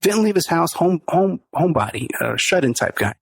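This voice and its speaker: A man's voice: a little high, sing-song, brisk, gravelly, breathy edge, no room sound. A middle-aged man, the podcast host, telling a story in a casual interview, laughing often and acting out the people he quotes.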